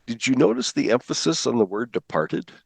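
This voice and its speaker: A man walks a class through Bible calendar slides. He talks quickly and stops often to put questions to the listeners. His voice sounds dry and close, with no room around it. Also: medium pitch, big pitch swings, vocal fry, a little mellow, breathy edge, dry recording. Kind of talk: slide-based classroom teaching.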